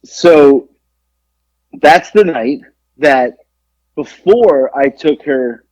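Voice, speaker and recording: A podcast co-host in a Georgia home studio tells a long, rambling, profane story with many restarts. His mid-range voice has a darkish tone, and the recording is dry, dull, and lo-fi.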